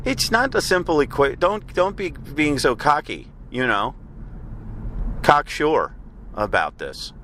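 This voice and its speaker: A man hosting a comedic audio journal, rambling in a halting, apologetic way with frequent stammers and restarts. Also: a little high, sing-song, bright, forceful tone, slight background noise. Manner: apologetic, halting, stammering, with sudden sung outbursts. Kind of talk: rambling deadpan comedic monologue.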